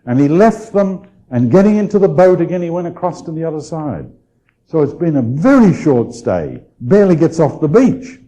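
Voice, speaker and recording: Male bishop, very mellow, dark tone, loose conversational teaching style with restarts. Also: medium pitch, rough recording. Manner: unhurried, restarts phrases, checks in with listeners. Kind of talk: conversational Bible study lecture.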